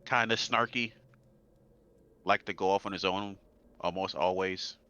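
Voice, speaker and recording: A man's voice: deep voice, steady tone, unhurried, sharp tone, clean tone, highs cut off. A man recapping a tabletop game story in a rambling, hesitant way, with many fillers. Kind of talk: casual in-character recap.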